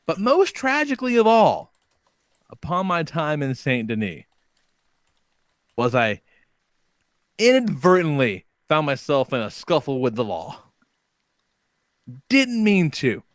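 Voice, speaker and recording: A man co-hosting a podcast, telling a game story in casual chat, animated and profane, acting out voices. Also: a little high, slow, long pauses, no room sound, clean studio sound. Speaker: podcast co-host.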